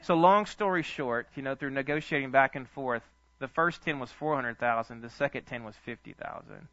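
A male pastor, telling stories in a sermon with an animated, chuckling manner. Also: mid-range voice, normal speed. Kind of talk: storytelling sermon. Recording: dull lo-fi dry sound.

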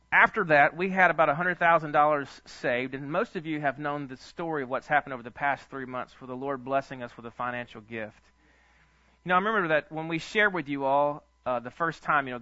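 A male pastor, telling stories in a sermon with an animated, chuckling manner. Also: a little high, no room sound. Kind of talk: storytelling sermon. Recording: dull lo-fi dry sound.

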